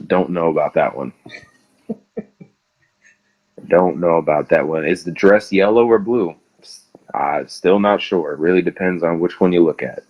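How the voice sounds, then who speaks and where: Young man, low voice, wrestler guest, rambling, laughs a lot, dull lo-fi audio. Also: moderate pace, long pauses. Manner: rambling storyteller who laughs often. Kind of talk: casual interview.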